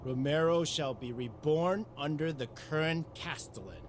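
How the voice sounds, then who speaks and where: A man's voice: a little high, measured pace, slight background noise, lightly acted. An actor playing a cold, scheming older male city ruler in a video game, speaking in a condescending, commanding way.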